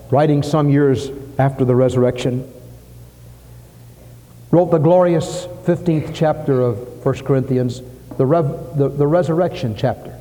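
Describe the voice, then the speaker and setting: A man's voice: mid-range voice, a little slow, warm tone, in a large hall. A man preaching a sermon at a church service, emphatic, repeating phrases for stress. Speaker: pastor.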